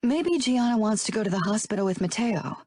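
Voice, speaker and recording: A woman voicing a gentle, caring older sister in an audiobook, speaking softly. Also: on the high side, animated, fairly quick, pitched above the performer's own voice. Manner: soft-spoken. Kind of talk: audiobook narration.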